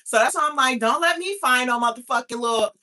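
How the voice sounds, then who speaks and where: In casual talk show chat, a podcast host in her thirties is brash, profane and quick to laugh. Her voice sits high and sounds sharp, and she talks fast.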